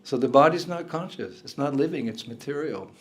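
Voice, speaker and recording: A man's voice: mid-range voice, animated, fairly quick. An older man, a spiritual teacher, giving a talk indoors to a room of listeners, chuckling often and asking them questions.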